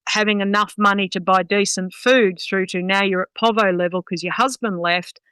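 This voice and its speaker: Blunt, sweary woman, bright and crisp. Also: medium pitch, steady tone, moderate pace, no echo, poor audio. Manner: blunt, sweary, talks with many "um"s. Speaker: guest dog trainer. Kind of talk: casual podcast chat.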